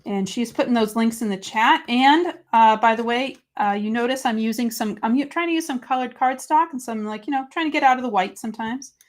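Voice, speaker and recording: A woman's voice: a little high, brisk, few pauses. A woman hosting a live papercrafting stream, chatting casually with viewers and reading their comments while she works. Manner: chatty, reads viewer comments aloud, excitable. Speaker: host of a live crafting stream.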